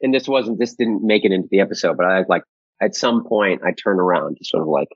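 A man's voice: low voice, fast, breathy edge, dry recording, dull audio. A man from Boston with a Boston accent, an actor guest talking candidly and self-deprecatingly, swearing casually. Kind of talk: casual interview chat.

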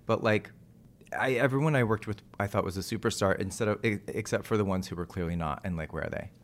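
A man's voice: on the low side, fast. A man from Texas chatting casually in an interview, joking at his own expense and acting out quotes from others. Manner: chatty, self-mocking, full of asides and quoted voices. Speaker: actor and TV host, interview guest. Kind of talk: casual chat.

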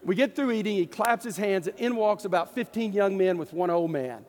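High-voiced East Texas pastor telling stories. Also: male voice, brisk, long reverb tail. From East Texas, USA. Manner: folksy, animated storyteller. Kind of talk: storytelling sermon.

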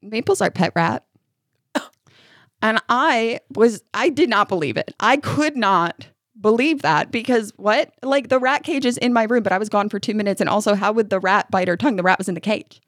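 A woman co-hosting a parenting podcast, telling stories in a lively way and laughing often. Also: medium pitch, normal speed, no echo, studio quality. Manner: animated storyteller, laughing often. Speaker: podcast co-host and mother. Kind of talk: casual chat and read ad.

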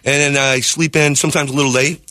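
A man's voice: a little high, flat delivery, quick pace, sharp tone, no echo. A man guesting on a radio show, telling rambling stories at full speed and acting out the voices of the people in them, recorded on a studio microphone. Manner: rambling, acts out quoted voices. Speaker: comedian guest. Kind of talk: animated storytelling.

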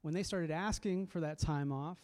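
A man's voice: fairly high pitch, moderate pace, a little mellow. A man preaching a sermon as a pastor, reflective and conversational, often repeating words as he goes.

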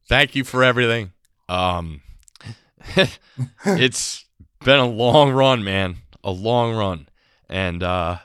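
Bright, crisp-voiced man on a podcast. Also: mid-range voice, no room sound, clean studio sound. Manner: earnest, halting, laughs between phrases. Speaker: podcast co-host. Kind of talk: casual sports podcast chat.

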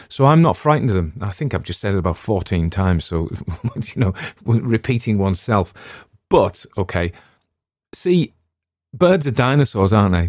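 Male podcast host, deep voice, digressive chatty delivery, dead-dry booth. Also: a little mellow, no room sound. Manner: digressive, chatty, jumps between tangents. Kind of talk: rambling casual chat.

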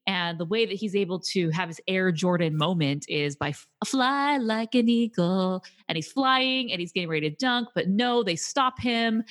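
A woman's voice: fairly low pitch, normal speed, hardly any pauses. Laughing, chatty woman podcaster. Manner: animated retelling with laughter. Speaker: podcast co-host. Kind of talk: casual movie discussion.

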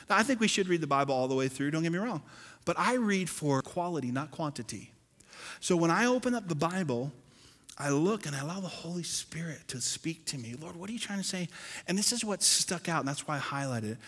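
A man preaching a sermon as pastor, animated, swinging between loud and soft and acting out churchgoers. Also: fairly high pitch, brisk. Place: church sanctuary. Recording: long hall reverb.

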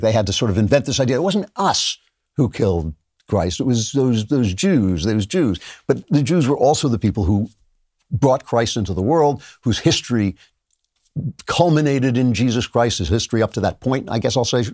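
Emphatic man lecturing with a lively voice. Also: fairly low pitch, no room sound, clean studio sound. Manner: emphatic, lecturing, laughs at times. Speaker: podcast host. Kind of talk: opinion monologue.

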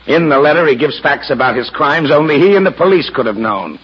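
An actor playing a brisk, persuasive male business associate, in 1940s radio acting style. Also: a little high, animated, husky. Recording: dull old radio recording.

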